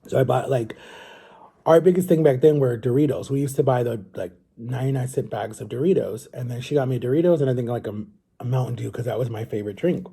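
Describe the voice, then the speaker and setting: A man's voice: medium pitch, fast talker, creaky, mellow, slightly rough. A man vlogger telling a long personal story to his viewers in a rambling, chatty way. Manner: rambling, chatty, often addresses viewers as guys.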